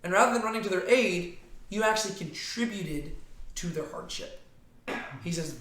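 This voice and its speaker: A man's voice: sits high, moderate pace, a bit bright. A man teaching a casual Bible study to a small group, talking conversationally and often checking in with "right?". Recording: echoey room.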